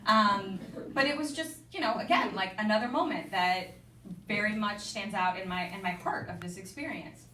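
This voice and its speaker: A young woman telling a personal story at an event, candid and self-deprecating with quick asides. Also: mid-range voice, bright, forceful tone, slight background noise. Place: event venue with an audience. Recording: echoey room, mic from a distance.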